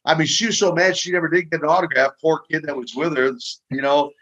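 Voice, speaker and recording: An older man tells stories with an animated, stop-start delivery, doubling up words as he speaks. His voice sits a little high for a man. The recording is muffled and lo-fi. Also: quick pace. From Minneapolis, US Midwest. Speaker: guest, retired pro wrestler. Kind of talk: casual storytelling interview. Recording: dull lo-fi audio.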